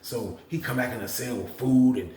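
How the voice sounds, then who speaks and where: A man in the middle of a casual storytime, slangy and animated, jumping his voice up high whenever he acts out someone else. His pitch sits in an ordinary middle range. The room around him is echoey, with a faint hum of noise behind. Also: moderate pace. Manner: animated, slangy, acts out others' lines with big pitch swings. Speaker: storyteller on his own channel.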